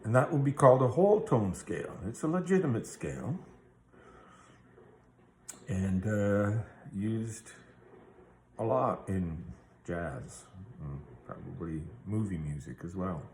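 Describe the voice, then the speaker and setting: A man's voice: on the low side, animated, slow, long pauses, darkish tone, echoey room, slight background noise. A man teaching a guitar theory lesson, explaining patiently step by step and checking in with the listener. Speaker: music teacher.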